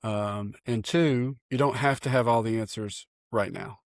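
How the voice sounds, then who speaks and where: A man, a pastor co-hosting a podcast, talking in an earnest, folksy, animated way with frequent restarts. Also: lowish voice, unhurried, no room sound, studio quality. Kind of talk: casual chat.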